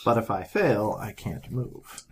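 A man at a board game night who explains the rules and drops quick jokes. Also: fairly low pitch, very animated, slight background noise. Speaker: player. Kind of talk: casual tabletop game play.

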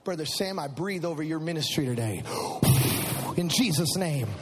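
A man preaching a sermon testimony, swinging from hushed prayer to loud, impassioned shouting. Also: a little high, lively intonation, unhurried, in a large hall, music in the background, rough recording. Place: church.

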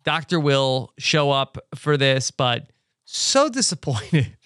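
Wry podcast host, lively voice. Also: male voice, mid-range voice, slow pace, clear, resonant tone, no room sound, clean studio sound. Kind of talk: casual recap chat.

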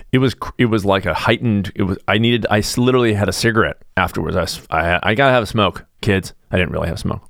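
A middle-aged podcast host delivers an animated, casual monologue full of restarts, mocking others in sudden high voices. The recording has no echo and studio quality.

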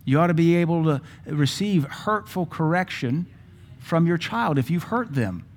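A man preaching a sermon in a blunt, emphatic way, with sudden loud stresses, acting out the people he quotes. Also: a little high, lively intonation, normal speed.

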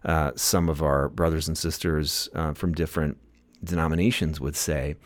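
Guest author, male, very deep voice, dry close mic; reflective, chatty, quick to laugh. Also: fairly even intonation, no echo. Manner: thoughtful, laughs often, many restarts. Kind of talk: casual conversational interview.

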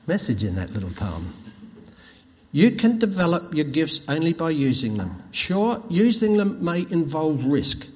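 A man's voice: fairly high pitch, very animated, a little slow. An older man, preaching a sermon with folksy stories and jokes. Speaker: pastor. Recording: long reverb in a hall.

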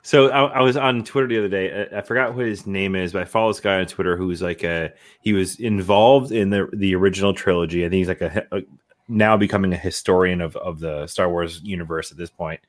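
A man's voice: sits low, fairly even intonation, a little fast, no echo. A man co-hosting a podcast, telling a story in a rambling way with many restarts. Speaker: podcast co-host. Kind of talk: casual podcast chat.

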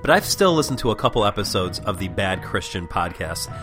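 A man's voice: low-pitched, sing-song, fairly quick, music in the background. A man co-hosting a comedy podcast, talking in an exasperated, sarcastic way. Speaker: podcast co-host. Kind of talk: improvised comedy sketch.

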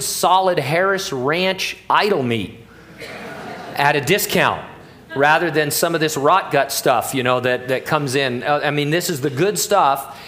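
A man's voice: on the high side, a bit bright. A middle-aged male pastor preaching an expository sermon in a conversational, joking way, full of asides and fillers.

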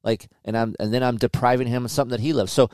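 A man's voice: medium pitch, very fast, clean tone, dry recording, clean studio sound. A middle-aged man hosting a podcast, talking candidly and with plenty of profanity about family pressures. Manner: candid, profane, animated storytelling. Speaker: podcast host. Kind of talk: casual chat.

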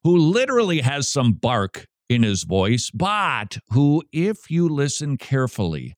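A man hosts a radio show from a dry, close studio mic. He talks slowly and emphatically, his pitch swinging widely as he adds wry asides. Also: huge pitch swings, dry recording. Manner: slow, emphatic, with wry humor. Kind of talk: commenting on a recorded sermon.

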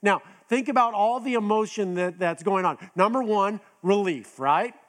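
A middle-aged man preaching a sermon in a conversational way, with many restarts, now and then acting out quoted voices. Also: normal speed. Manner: acts out quoted voices with raised pitch. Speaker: pastor.

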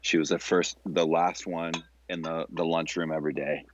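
A man's voice: rumbling low, little pitch movement, normal speed, lo-fi sound, slight background noise. A young man in casual banter, telling a rambling story with hesitations and fillers.

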